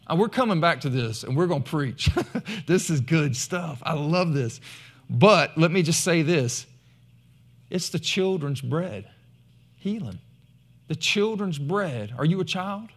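A man preaching a sermon, animated, rising to loud emphasis when he reads scripture. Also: on the high side.

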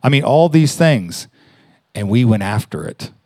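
A man preaching in a conversational way, telling a story with halting restarts and rising emphasis. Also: medium pitch, sing-song, darkish tone, dry recording, studio quality. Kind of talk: conversational sermon.

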